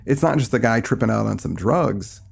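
A man with a gravelly, husky voice set fairly low. He talks in a relaxed, casual podcast manner and sounds eager and engaged. He often breaks off and restarts as he chats. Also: moderate pace. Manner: enthusiastic, conversational, with frequent restarts. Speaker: podcast co-host. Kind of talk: casual podcast book discussion.

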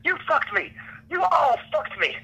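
A man's voice: extremely high pitch, wildly swooping pitch, measured pace, creaky, muffled recording, pitched above the performer's own voice, exaggerated voice. A man acting out a furious grown man screaming and cursing about unpaid money. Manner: shouting, cursing, snarling.

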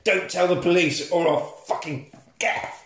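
A man's voice: high voice, steady tone, a little slow, slight background noise. A man voicing a menacing, taunting male goblin, swearing as he threatens. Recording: echoey room.

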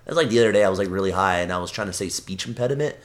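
A man with a lowish voice talks casually as a podcast guest. He rambles, swears freely and keeps restarting his sentences. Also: racing. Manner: rambling and profane, with frequent restarts. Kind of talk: casual chat.

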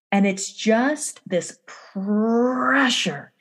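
A woman coach telling an emotional personal story in a dramatic, emphatic way, repeating phrases and pausing often. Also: medium pitch. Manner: emphatic, repetitive, dramatic pauses. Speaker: energy coach.

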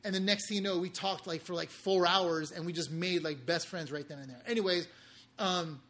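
A high-voiced man telling a story to his viewers in a loose, animated way. He talks in slang and keeps checking in with a quick "okay?" after almost every line. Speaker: podcast host.

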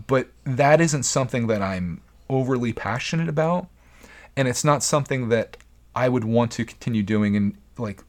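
A young man hosting his own podcast, talking casually and earnestly with frequent restarts. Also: medium pitch. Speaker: podcast host. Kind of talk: casual solo podcast talk.

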